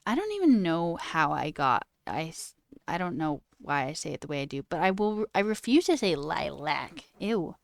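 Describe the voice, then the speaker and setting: A woman's voice: lowish voice, clear, resonant tone, no echo. A woman streamer in casual, playful live chat, musing aloud and answering her viewers. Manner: playful and chatty, musing aloud over word sounds. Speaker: livestreamer.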